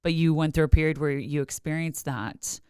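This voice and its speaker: Woman, podcast host, very low voice, smooth, encouraging, dry close mic. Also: brisk, a little mellow, no room sound. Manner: encouraging, trained voiceover delivery. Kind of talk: casual interview chat.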